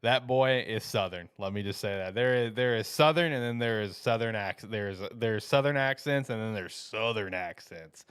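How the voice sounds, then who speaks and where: A man's voice: medium pitch, fairly quick, few pauses, fairly bright tone, smooth, no room sound, clean studio sound. A man co-hosting a football show, talking enthusiastically and emphatically about draft picks in casual chat.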